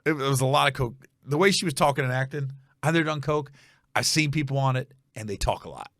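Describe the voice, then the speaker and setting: Male comedian host, casual storytelling, mid-pitched, rambling and animated, dry close sound. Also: quick pace, no room sound. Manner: animated, rambling, with restarts and acted-out quotes.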